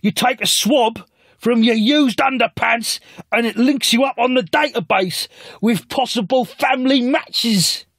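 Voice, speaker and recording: Comedy podcast bit: man doing a cocky old singer, shouty and pitched way up. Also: a little slow, no room sound, studio quality, exaggerated voice. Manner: loud, shouting announcements. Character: brash older male singer, loud and cocky.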